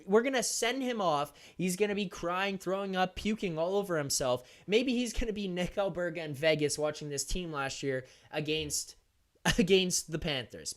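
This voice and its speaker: A young man hosting a live sports stream, talking fast and animated straight to his viewers, often laughing. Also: sits high. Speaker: host of a hockey post-game live stream. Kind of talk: energetic live-stream chat.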